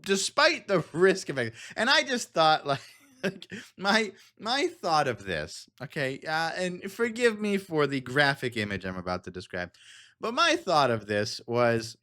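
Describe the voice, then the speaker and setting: A man's voice: on the high side, wildly swooping pitch, measured pace, sharp tone. A man hosting a casual commentary podcast, rambling and digressive with frequent laughs. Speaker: podcast host.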